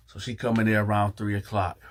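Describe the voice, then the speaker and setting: A fast-talking man with a fairly low voice hosts a channel as a storyteller. He tells his story casually and with animation, acting out the dialogue and speaking directly to his listeners.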